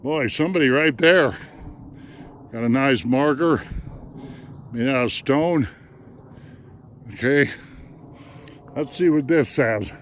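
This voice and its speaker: A middle-aged hiking vlogger films a mountain trail and narrates casually, somewhat out of breath, in a folksy, plain-spoken way. His medium-pitched voice moves slowly with long pauses, recorded on a handheld camera mic with slight background noise.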